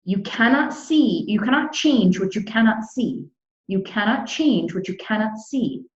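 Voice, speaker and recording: Speaking a little slowly in an expressive, mid-range voice, a woman leads a live meditation talk over a video call, stressing and repeating her key phrases. The audio comes through echoey and dull, with a lo-fi quality.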